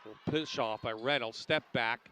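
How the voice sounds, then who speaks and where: A man calling a college basketball game play-by-play, with crisp, clipped calls and light banter with his partner. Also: medium pitch, moderate pace, bright, forceful tone. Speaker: play-by-play announcer.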